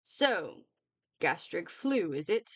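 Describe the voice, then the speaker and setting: A woman's voice: on the low side, sing-song, slow pace, a bit bright, slightly rough, no room sound, voice pushed down, full character voice. A woman voicing an officious, spiteful male headmaster with a sing-song way of talking, in a read-aloud novel.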